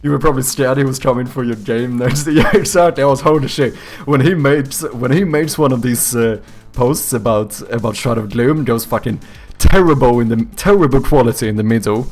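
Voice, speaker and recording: A young man speaking at a middling pitch, chatting on a live stream from his home setup. He reacts to viewer messages in an animated way, swearing and laughing as he goes. Faint music plays low in the background. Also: a little fast. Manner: reads out and answers viewer chat. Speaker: streamer and game developer. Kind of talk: casual live-stream chat.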